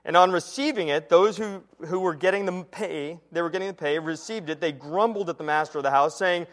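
A man with a fairly high voice delivers a sermon to his congregation. He teaches in an earnest, steady way, often slowing down and falling to a near hush to press a point home. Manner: earnest teaching tone, slows and drops to a hush at key lines. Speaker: preacher.

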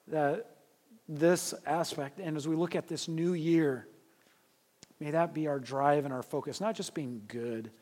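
A man preaching a sermon as pastor, emphatic, swinging between loud urging and quiet asides, often repeating and restarting his words. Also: on the high side.

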